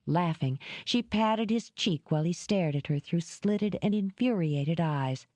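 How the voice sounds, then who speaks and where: A woman reading a romance novel aloud in a measured, even narration. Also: fairly low pitch, no echo. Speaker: audiobook narrator. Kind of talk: scripted narration.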